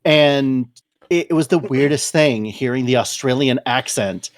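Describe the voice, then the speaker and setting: A podcast co-host from California with a middle-pitched voice. He tells an anecdote in a relaxed, amused way. The recording is dry and close. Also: measured pace, no room sound. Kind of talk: casual podcast chat.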